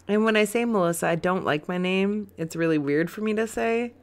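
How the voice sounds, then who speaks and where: A young adult woman co-hosts a casual podcast, reading chat comments in a mid-range voice at a slightly fast clip. She giggles and rambles, dropping many "um"s and "like"s.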